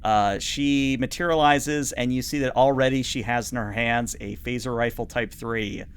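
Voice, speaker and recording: A man's voice: medium pitch, steady tone, normal speed, clean tone. Brief: chatty game master, man, explaining rules with plenty of ums. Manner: chatty, lots of fillers. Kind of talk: narrating a tabletop game.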